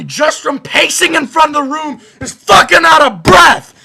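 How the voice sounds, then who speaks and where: A young man, a college student, giving an angry profane rant, shouting and exasperated. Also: very high voice, gravelly. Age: young adult. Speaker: ranting vlogger.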